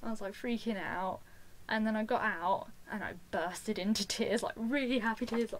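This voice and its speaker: A woman, excitedly telling a personal story to the camera in a casual vlog, with lots of "like". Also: medium pitch, moderate pace, poor audio. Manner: gushing and excitable, full of "like". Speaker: fan vlogger.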